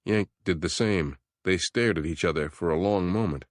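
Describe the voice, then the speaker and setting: A man narrating a horror audiobook in a measured, steady storytelling voice. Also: low voice, no echo, clean studio sound.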